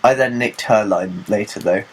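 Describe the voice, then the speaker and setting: A man's voice: lowish voice, normal speed, slightly rough, low-quality recording. Giggly man chatting on a podcast. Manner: chatty and giggly, swears, acts out quoted lines in raised voices. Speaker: podcast co-host. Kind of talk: casual chat.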